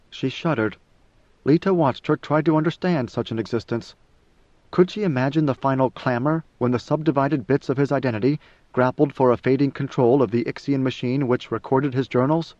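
A man narrating an audiobook in a steady, even reading voice. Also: medium pitch, normal speed, no echo. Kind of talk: scripted narration. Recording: dull lo-fi dry recording.

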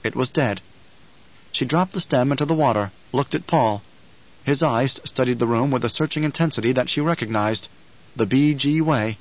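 Guy reading a novel aloud, steady even voice, kinda dull lo-fi audiobook sound. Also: medium pitch, moderate pace. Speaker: audiobook narrator. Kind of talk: scripted narration.

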